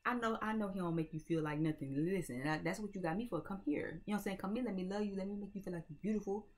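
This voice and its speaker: A smooth-talking man coaxes a hurt woman with sweet talk, as a woman acts him out. He speaks gently and persuasively, with his voice pitched up higher than the speaker's own. The whole part is a quick bit of role-play inside a casual chat. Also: natural voice. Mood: coaxing.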